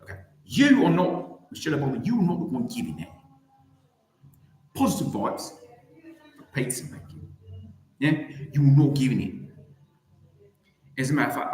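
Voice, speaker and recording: A man hosting his own channel, delivering a rambling satirical rant with theatrical swoops in pitch and words repeated over and over. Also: darkish tone, echoey room, a little hiss or hum, rough recording. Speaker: YouTube channel host.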